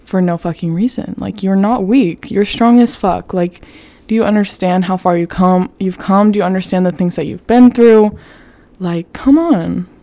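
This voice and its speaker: A woman's voice: medium pitch, moderate pace, dark tone, dry recording. A young woman hosting a casual self-help podcast, talking candidly, swearing freely and peppering her speech with "like". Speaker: podcast host.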